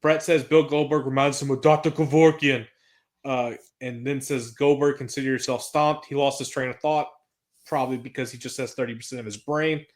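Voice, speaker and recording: A man's voice: mid-range voice, fairly quick. A man co-hosting a podcast, recapping an old wrestling show in casual chat, reading out quotes and swearing freely. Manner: excitable, swears freely, reads out promo quotes.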